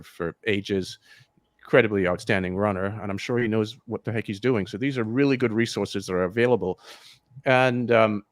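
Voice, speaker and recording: A man's voice: on the low side, dry recording, studio quality. A man who coaches triathlon swimming, giving frank advice in a casual live interview over a video call, with many restarts.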